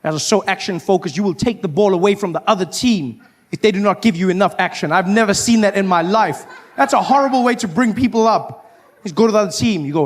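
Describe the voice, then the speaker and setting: Animated high-voiced male stand-up comic. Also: fast. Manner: animated, acts out officials with sudden shouted high voices. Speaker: stand-up comedian. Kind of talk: stand-up comedy routine.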